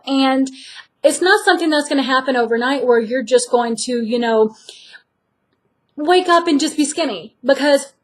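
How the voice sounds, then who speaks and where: Woman, high voice, earnest, encouraging, candid vlog talk. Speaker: vlogger sharing her weight loss journey. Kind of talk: candid direct-to-camera talk.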